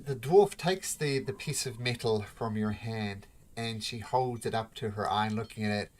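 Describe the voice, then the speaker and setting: A game master narrating a tabletop game in a relaxed, halting way with many fillers. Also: medium pitch.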